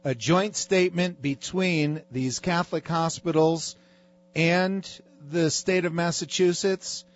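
A man's voice: fairly high pitch, fairly even intonation, slow pace, dull audio. A man hosting a talk radio show, speaking in an emphatic, preachy way.

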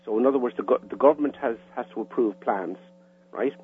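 A man's voice: medium pitch, fast, breathy edge, soft background music. A man with an Irish accent, a caller on a radio interview, explaining plainly with some hesitations. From Ireland. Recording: tinny phone line with faint hum.

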